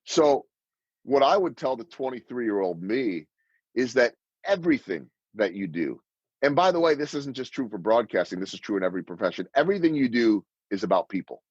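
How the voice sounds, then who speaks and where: A man in his 50s, a sports broadcaster and speaker appearing as a guest, gives storytelling interview answers, animatedly acting out quoted lines. His mid-range voice is brisk with a breathy edge, and the recording is dry and lo-fi.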